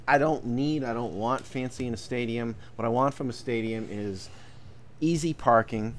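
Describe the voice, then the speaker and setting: A man's voice: medium pitch, normal speed, slight background noise. A man co-hosting a casual sports podcast, giving blunt plain-spoken opinions. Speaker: podcast co-host.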